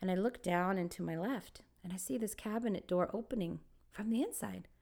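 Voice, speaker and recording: A woman co-hosting a podcast, telling a story in a lively, casual way and laughing often. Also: medium pitch, a little fast, creaky. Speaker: podcast co-host.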